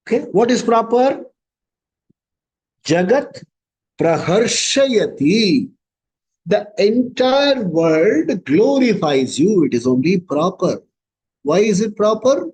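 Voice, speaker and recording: A man giving a scripture discourse as a spiritual teacher. He explains slowly and chants Sanskrit verses. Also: high-pitched, big pitch swings, a little mellow, slightly rough, poor audio.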